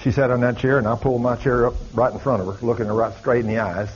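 A man's voice: medium pitch, little pitch movement, fast, breathy edge. A man preaching, telling a story in a folksy, dramatic way. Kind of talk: sermon storytelling. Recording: dull lo-fi recording.

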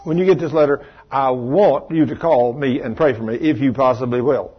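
A man's voice: mid-range voice, brisk, slightly rough, dull audio. A man preaching a folksy televised sermon, acting out the voices of people he quotes.

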